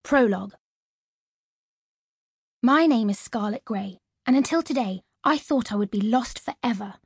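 Woman narrator, audiobook, expressive reading, high-ish, breathy, dry close-miked studio. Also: unhurried, dry recording. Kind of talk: first-person audiobook narration. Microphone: close studio mic.

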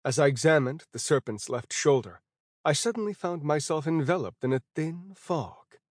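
A man narrating a first-person fantasy audiobook in a steady, even storytelling voice. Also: on the high side, moderate pace, no echo, studio quality.

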